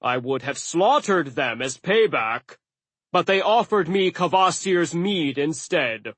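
A man voicing a vengeful male giant who speaks slowly and grimly. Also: a little high, lively intonation, a bit bright, slightly rough, dry recording, voice pushed up, full character voice.

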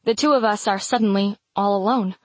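A woman's voice: medium pitch, fairly quick, no echo. Woman narrating a first-person romantic fantasy. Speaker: audiobook narrator.

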